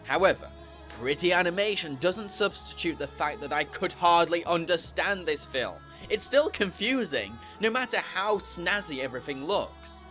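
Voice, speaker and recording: A man's voice: high voice, animated, normal speed, hardly any pauses, bright, forceful tone, soft background music. A man narrating a scripted review, opinionated and critical. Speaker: anime reviewer.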